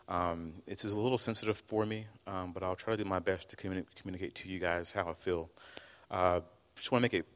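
A man's voice: low-pitched, long reverb tail. A man, a church member, hesitantly reads a prepared personal statement to a congregation. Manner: hesitant, with fillers and restarts. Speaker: church member giving a testimony.

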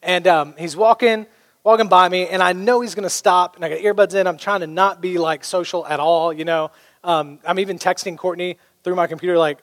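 A man's voice: sits high, a little fast. A man preaching a sermon as pastor, conversational and humorous, telling stories. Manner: conversational, humorous, animated storytelling. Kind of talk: sermon with storytelling.

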